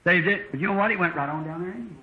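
A man's voice: high-pitched, racing, reverberant, a loud crowd. Man, preacher, folksy storytelling sermon, dull old tape. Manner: folksy storytelling preacher, acting out dialogue with shifting voices.

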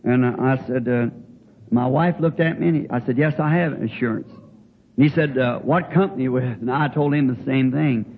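An older man preaching in a folksy way, telling a homespun story with halting restarts. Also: medium pitch. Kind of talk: folksy sermon anecdote. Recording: tinny phone-like old recording with faint hiss.

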